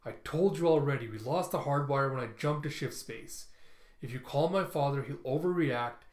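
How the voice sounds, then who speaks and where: A man's voice: mid-range voice, moderate pace, a little mellow, natural voice. Brief: curt female captain, read by a man, blunt and commanding, roomy sound. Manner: blunt, bossy. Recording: roomy echo.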